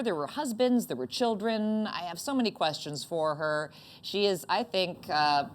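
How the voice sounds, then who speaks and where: Lively joking woman host. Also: mid-range voice, slight background noise. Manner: joking, laughs often, jumps into playful put-on voices. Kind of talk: casual comedy chat.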